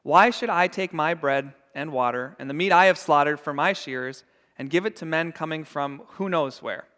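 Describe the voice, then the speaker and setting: A man voicing a surly, mean rich man who speaks slowly and dismissively. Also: a little high, bright, forceful tone, in a large hall. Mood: scornful.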